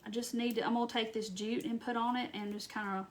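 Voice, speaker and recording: A woman from Wisconsin hosting a casual live-stream craft tutorial, chatting to viewers, answering their comments and muttering soft asides to herself as she works. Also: fairly high pitch, fairly even intonation, fast, slight background noise.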